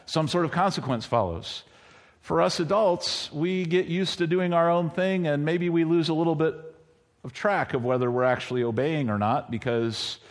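A middle-aged man preaching a sermon in a conversational way, now and then acting out quoted lines in a higher voice. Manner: conversational, acts out quoted lines with bursts of high pitch. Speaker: pastor.

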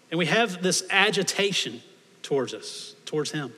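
A man's voice: on the high side, animated, normal speed, pushed and bright, breathy edge. A man preaching a sermon, emphatic and repeating phrases for stress. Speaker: pastor. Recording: long hall reverb.

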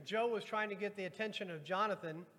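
A man with a high, slightly bright voice speaks at normal speed as he preaches to his congregation. He's a pastor reading scripture aloud and addressing the people directly, and the church sanctuary gives the audio a long hall reverb.

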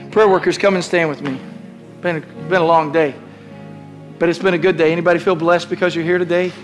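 A man preaching a sermon in a church, exhorting his congregation with call-and-response and building to shouted declarations. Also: fairly high pitch, fairly even intonation, fairly quick, soft background music. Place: church sanctuary.

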